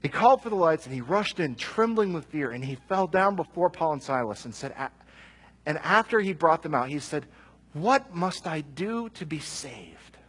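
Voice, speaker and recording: A middle-aged man preaching a sermon, reading scripture and adding lively conversational asides. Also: a little high, husky, low-quality recording. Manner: conversational, animated asides with quick jokes.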